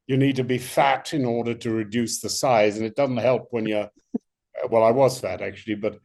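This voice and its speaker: An older male actor, a guest in an interview, telling animated stories with many restarts. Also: medium pitch, normal speed. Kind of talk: interview anecdotes.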